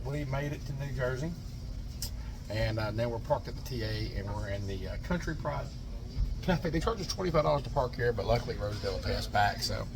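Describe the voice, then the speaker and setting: A man's voice: medium pitch, expressive, fairly quick, vocal fry. A man from Alabama with a Southern accent, a truck driver chatting casually in his cab and laughing often as he tells stories. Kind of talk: casual vlog chat. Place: inside a truck cab on the road. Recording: noisy road and engine background.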